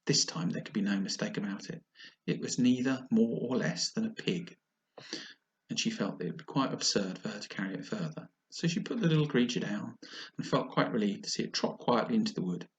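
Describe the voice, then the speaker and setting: Man reading a storybook aloud, lively pitch, slips here and there, muffled lo-fi sound. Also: fairly quick. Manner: expressive reading with small slips. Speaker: narrator.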